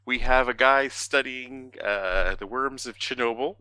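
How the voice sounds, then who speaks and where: Bright, crisp-voiced man rambling casually. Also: medium pitch, no room sound. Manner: rambling, profane, halting with many fillers. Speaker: podcast co-host. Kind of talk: casual podcast chat.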